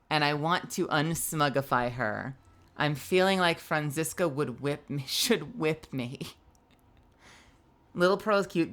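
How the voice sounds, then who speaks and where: A woman's voice: low voice, a bit bright. Tired, giggly woman streamer chatting. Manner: rambling and giggly, with lots of restarts. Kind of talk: casual chat with viewers.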